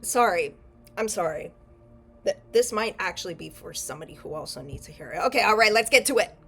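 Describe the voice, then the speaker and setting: A woman's voice: medium pitch, expressive, a little fast, bright, forceful tone, faint music behind. A young woman giving a casual tarot reading, rambling and correcting herself, often checking in with "okay?". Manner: chatty, rambling, frequent self-corrections and "okay?". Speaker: tarot reader.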